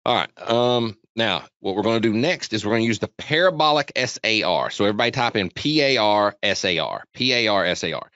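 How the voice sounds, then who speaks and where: Presenting a trading webinar, a man walks through charts live in a loose, repetitive way, often putting questions to the audience. His lowish voice is expressive, brisk, and pushed with a bright edge, with few pauses. There's no echo, though the webinar sound is dull and lo-fi.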